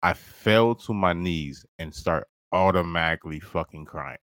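Bright-toned, low-voiced man in candid podcast chat. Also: unhurried, dry recording. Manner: slangy and candid, peppered with "bro" and laughter. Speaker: podcast host. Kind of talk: casual storytelling chat.

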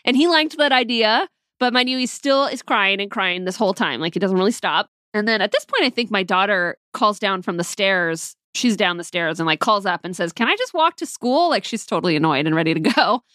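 A woman in her thirties, a mother, recounting a difficult morning in a candid, reflective way with the odd soft laugh. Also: mid-range voice, brisk, no room sound, clean studio sound. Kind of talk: personal storytelling.

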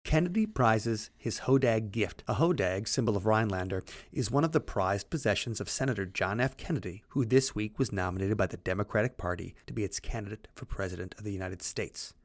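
Man, podcast co-host, gravelly, reads clippings aloud, casual chat, dry close sound. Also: fairly low pitch, dry recording. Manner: reads quotes in a brisk, animated way, then chats loosely.

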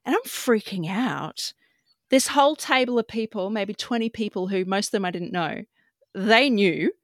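A woman's voice: medium pitch, animated, moderate pace, no echo, clean studio sound. Frank, emotional woman. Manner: emotional, frank, swears casually. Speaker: podcast guest. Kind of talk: candid personal storytelling.

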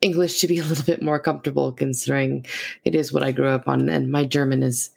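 Woman voicing a polite american vampire, low voice, gravelly. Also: steady tone, a little mellow, heavily acted. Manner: polite, measured.

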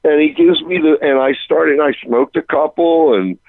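A man, a touring rock musician, telling an animated anecdote on a radio interview, breaking off and restarting as he goes. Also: a little high, normal speed, no room sound, narrow, tinny audio. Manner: animated, self-interrupting, chuckling storyteller.

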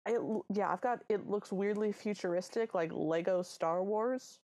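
A woman co-hosting a podcast, recapping a film in animated casual chat. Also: mid-range voice, moderate pace. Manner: animated storytelling. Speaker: podcast co-host.

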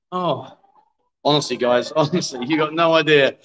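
A middle-aged man runs a live stream from a bar, coaxing the players and teasing them in a chatty, joking way. His voice sits fairly high for a man. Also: normal speed, poor audio. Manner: jokey, coaxing, chatty with viewers. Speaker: livestream host. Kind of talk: live-streamed pool game commentary. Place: bar with a pool table.

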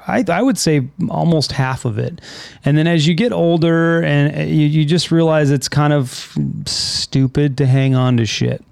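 A man's voice: a little high, gravelly, a little mellow, no room sound, studio quality. A man hosting a casual podcast chat, rambling with frequent restarts and casual swearing. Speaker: podcast host.

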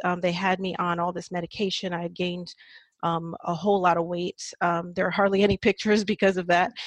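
A woman's voice: fairly low pitch, dry recording. A woman in her thirties, a podcast guest, telling her personal story reflectively with frequent fillers and small laughs.

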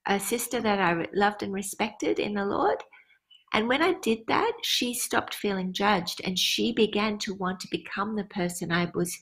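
A woman's voice: mid-range voice, fairly bright tone, husky, poor audio. A middle-aged woman pastor giving an earnest personal testimony with prayerful asides in a conference question-and-answer session. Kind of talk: conference Q and A teaching.

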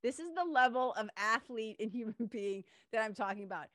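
A woman hosting a podcast, telling stories in a lively casual way and swearing now and then. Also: fairly high pitch, a little fast, no echo, studio quality. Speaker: podcast host. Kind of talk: casual interview chat.

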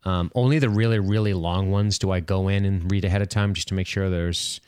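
A man's voice: low-pitched, fairly quick, smooth, dry recording, studio quality. A man co-hosting a podcast, chatting casually and joking around. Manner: joking, animated, does silly voices. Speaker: podcast co-host. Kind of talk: casual chat.

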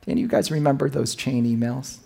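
A man preaching a sermon as pastor, urging his church to action and telling a story with lively delivery. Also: medium pitch, fast, vocal fry, husky.

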